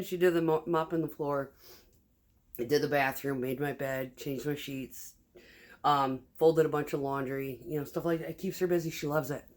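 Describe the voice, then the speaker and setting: Low-voiced rambling, profane woman. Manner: rambling and profane, laughs often. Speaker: vlogger. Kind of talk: casual chat while sewing. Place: home kitchen.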